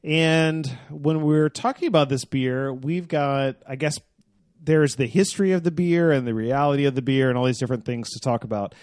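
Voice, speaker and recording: A man's voice: mid-range voice, steady tone, normal speed, darkish tone, no room sound. Male podcast host, upbeat and chatty, laughs easily, dry close sound. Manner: enthusiastic, laughs often. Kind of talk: casual podcast chat.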